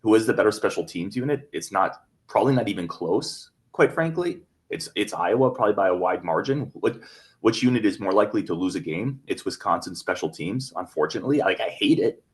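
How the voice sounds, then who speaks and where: Guy hosting a sports podcast, kinda low voice, calmly weighing both sides. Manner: analytical, measured, weighing arguments. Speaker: podcast host.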